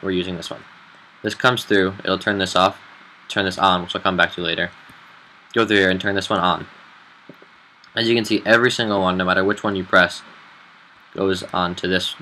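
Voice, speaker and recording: Low, flat-voiced man explaining a game build. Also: slight background noise, rough recording. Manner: relaxed, halting explanation with fillers. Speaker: game server admin. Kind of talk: casual game tutorial narration.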